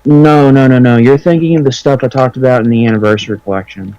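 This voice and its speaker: A man talks over a let's play in a loose, filler-packed ramble, cursing freely. His voice sits at an ordinary middle pitch. The sound is close and dry with no room echo. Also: steady tone, fast, dark tone, highs cut off. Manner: rambling, filler-heavy, profane. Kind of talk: casual gaming chat.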